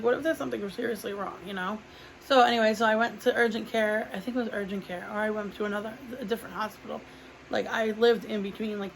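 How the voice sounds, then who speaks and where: A woman's voice: medium pitch, vocal fry, a little hiss or hum, rough recording. Rambling woman telling a casual story. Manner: rambling, heavy use of "like", acts out quoted dialogue. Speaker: vlogger reviewing a product.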